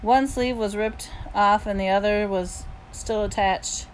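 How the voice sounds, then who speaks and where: A woman's voice: mid-range voice, fairly even intonation, unhurried, a little hiss or hum, low-quality recording. A woman reading a novel aloud in the first person, with plain, easygoing storytelling. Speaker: audiobook reader.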